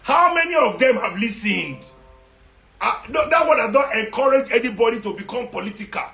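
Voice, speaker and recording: Man, Nigerian accent, higher voice, confrontational, sarcastic, Pidgin mixed in, echoey room. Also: lively intonation, fairly quick, creaky, pushed and bright. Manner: confrontational, sarcastic, repeats for emphasis. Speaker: activist speaking to followers. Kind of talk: impassioned monologue. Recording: roomy echo.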